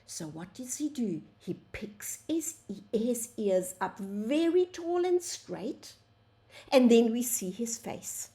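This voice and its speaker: Slow sing-song woman teaching phonics. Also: on the high side, very animated, mellow. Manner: slow, sing-song, sounds out letters, addresses "boys and girls". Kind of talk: phonics lesson for young children.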